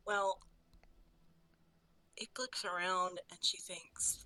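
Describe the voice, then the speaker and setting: A woman's voice: lowish voice, moderate pace, poor audio. A woman playing a tabletop game who chats through her character's actions, often checking with the game master. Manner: chatty, uncertain, asks questions. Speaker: player.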